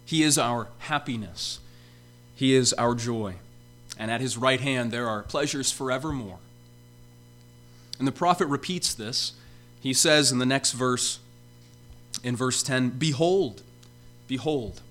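A man preaching a sermon, who lifts his voice for emphasis on repeated calls and then drops it low and slow. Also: fairly bright tone.

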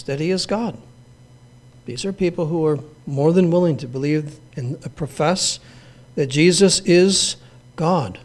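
A man delivers a sermon with a somewhat high voice. He preaches in an earnest, measured way and drives points home through repetition. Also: darkish tone. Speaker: pastor.

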